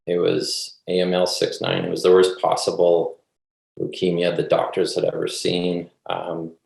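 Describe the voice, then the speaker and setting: A man from Canada sharing his cancer story on a video call in a relaxed, conversational way. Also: deep voice, normal speed, creaky, roomy sound, rough recording. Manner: relaxed, conversational, frequent ums. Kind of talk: casual personal testimony.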